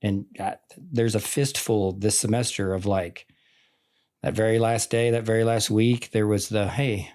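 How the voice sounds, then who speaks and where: Veteran teacher, male, forties, low-pitched, earnest and rambling in relaxed conversation. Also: normal speed. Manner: earnest, rambling, full of "like" and "I mean". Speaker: teacher and podcast guest. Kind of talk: casual conversation.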